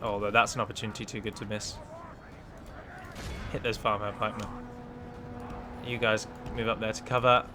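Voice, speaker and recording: A man's voice: on the low side, flat delivery, moderate pace, long pauses, noisy background. A man hosting a let's play, chatting through a strategy battle and breaking down unit stats in a casual, analytical way. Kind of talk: casual gameplay commentary.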